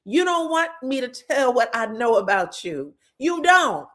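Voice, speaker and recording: A woman's voice: a little high, sing-song, measured pace, fairly bright tone, pitched above the performer's own voice. Woman doing a furious, cursing reality-show fighter. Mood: accusing. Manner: cursing, combative.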